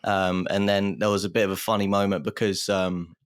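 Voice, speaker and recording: A man with a fairly low voice co-hosts a casual football chat. He sounds relaxed and chuckles as he goes. The recording is dry and close. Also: fairly quick, clean tone, no room sound. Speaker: podcast co-host.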